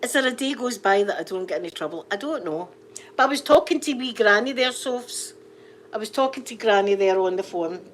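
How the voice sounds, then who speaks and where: A woman's voice: medium pitch, expressive, brisk. Middle-aged Scottish woman, chatty livestream host, rambling and laughing, faint background noise. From Scotland. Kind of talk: casual live chat with viewers.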